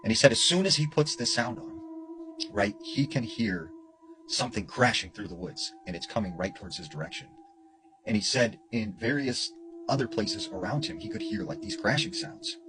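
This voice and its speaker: A man's voice: medium pitch, wildly swooping pitch, normal speed, rough recording. A man retelling a story in a casual, conversational way, with lots of "you know" and "like". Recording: music playing underneath.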